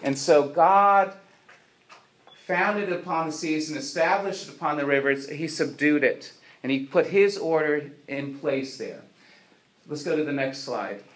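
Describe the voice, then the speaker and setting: A man with a slightly higher voice teaches through a psalm from slides. He talks earnestly, stacking rhetorical questions, and often pauses on "uh" as he explains. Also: animated. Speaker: teacher of a Bible study.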